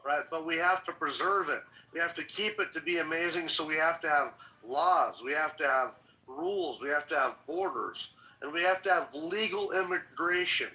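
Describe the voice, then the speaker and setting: A man's voice: fairly high pitch, normal speed, few pauses, bright, forceful tone, rough recording. A man hosting a casual political livestream, talking bluntly and swearing often. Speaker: livestream host.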